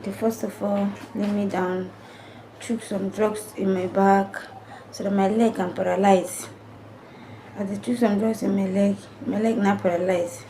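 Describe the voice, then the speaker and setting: A young woman tells her own story to camera in an emotional, earnest way, circling back over the same phrases. Her voice is warm and mellow rather than bright. A faint hum sits under her voice. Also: medium pitch, fairly even intonation, measured pace, low-quality recording. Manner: emotional, earnest, repetitive retelling. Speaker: family vlogger. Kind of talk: personal story told to camera.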